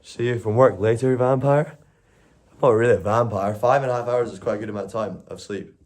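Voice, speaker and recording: A man's voice: mid-range voice, steady tone, fairly quick, a little mellow. A young man chatting casually on a live stream, rambling, correcting himself and swearing often. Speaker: IRL streamer.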